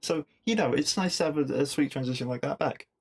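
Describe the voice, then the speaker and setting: A man's voice: a little high, fairly quick, vocal fry, husky. A young man hosting a podcast, chattily recapping an episode and quoting its lines. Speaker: podcast host.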